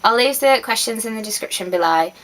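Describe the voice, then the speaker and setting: A woman's voice: fairly high pitch, expressive, quick pace, a bit bright, low-quality recording. A woman, chatting casually to camera with easy laughs and trailing asides. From West Midlands, England. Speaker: vlogger.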